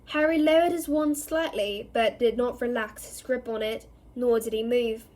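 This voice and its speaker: A woman reading a novel aloud in an expressive storytelling way, giving each character a voice. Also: a little high, normal speed. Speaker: reader.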